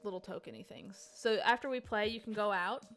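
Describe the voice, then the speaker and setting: Bright-voiced woman hosting a game stream. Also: mid-range voice, brisk. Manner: directs the team, reads donations, swears freely. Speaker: stream host. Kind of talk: casual chat while gaming.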